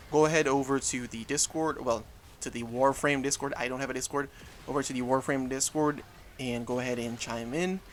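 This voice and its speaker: Slightly bright and medium in pitch, this young man's voice carries casual, rambling talk over gameplay footage. The gaming YouTuber frequently revises himself mid-thought, and a faint hiss or hum sits underneath.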